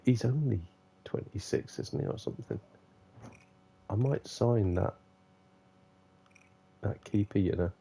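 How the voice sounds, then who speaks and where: A man's voice: fairly low pitch, warm tone. A man streaming a football manager game, chatting casually, muttering to himself and laughing often. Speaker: gaming streamer. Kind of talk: casual live gameplay commentary.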